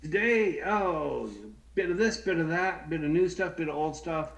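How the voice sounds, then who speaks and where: Man, thirties, casual chat, animated, stammers, plays out the voices in his story. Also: a little high, normal speed, gravelly, rough recording. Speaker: co-host.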